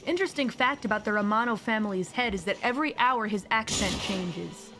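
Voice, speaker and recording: A woman's voice: mid-range voice, brisk. A woman streamer casually recapping a tabletop campaign in a playful, giggly, rambling way. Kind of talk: casual recap with acted quotes. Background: music.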